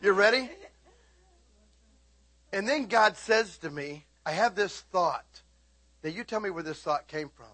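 A middle-aged man preaches in a lively, storytelling way, speaking straight to his congregation. His voice sits high and swoops widely. It has a husky edge and keeps rising into shouts. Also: measured pace, pauses often. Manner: animated, shouting and laughing, talks to the audience.

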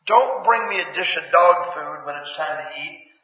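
A pastor preaches a sermon in a plainspoken, folksy, conversational way, putting questions to his congregation. His voice sits on the high side and sounds pushed and bright, moving at a normal speed. The recording is dull and lo-fi, made in an echoey hall.

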